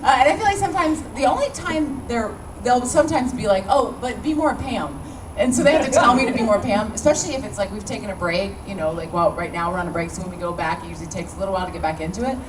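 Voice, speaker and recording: A woman's voice: mid-range voice, very fast, few pauses. A woman with a slight Southern accent, a voice actor chatting enthusiastically with fans at a convention panel. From American South. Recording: distant mic in a noisy hall.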